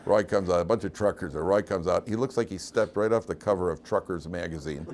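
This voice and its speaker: A man's voice: low-pitched, brisk, a little mellow, slight background noise. An older man, a rabbi and yeshiva teacher, giving a humorous lecture full of self-deprecating stories. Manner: anecdotal, self-deprecating storyteller.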